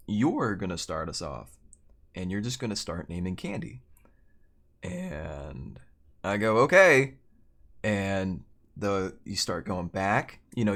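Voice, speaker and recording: A man's voice: on the low side, a bit bright. A man streaming a game and telling a long story in a loose, rambling way, correcting himself often and chuckling between lines. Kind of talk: casual storytelling while gaming.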